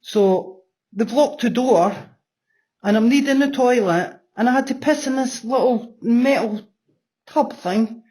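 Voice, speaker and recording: A woman's voice: fairly high pitch, measured pace, mellow. A woman in her sixties giving a blunt personal testimony in an interview, swearing freely and repeating phrases for emphasis. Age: 60s. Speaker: interview guest.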